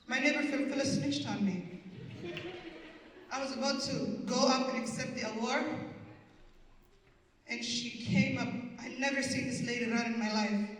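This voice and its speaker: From a distance in an echoey community event hall, a Canadian woman in her fifties performs live stand-up storytelling with a wry, punchy delivery, playing with words and accents. Her voice sits high and a bit bright, with slight background noise.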